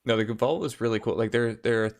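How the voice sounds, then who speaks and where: A man's voice: fairly low pitch, steady tone, fairly quick, dry recording, studio quality. A man co-hosting a gaming podcast, chatting casually about gameplay in a rambling way, chuckling between thoughts. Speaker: podcast co-host. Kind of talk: casual chat reviewing gameplay.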